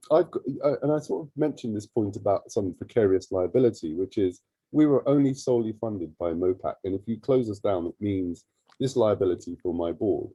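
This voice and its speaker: Husky, dark-voiced man telling a story. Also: fairly low pitch, brisk, no room sound, rough recording. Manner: lively, acts out remembered dialogue. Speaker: charity CEO. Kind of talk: animated storytelling in an interview.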